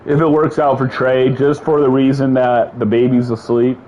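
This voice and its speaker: A man co-hosting a casual podcast chat, animated, laughing often and repeating himself. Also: medium pitch, moderate pace, slight background noise. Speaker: podcast co-host. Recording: dull lo-fi sound.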